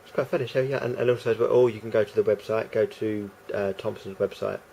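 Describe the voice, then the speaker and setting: A man's voice: on the low side, steady tone, fast talker, creaky, warm tone, lo-fi sound, slight background noise. A man rambling through a casual vlog monologue, hesitant and full of restarts and fillers. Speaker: vlogger.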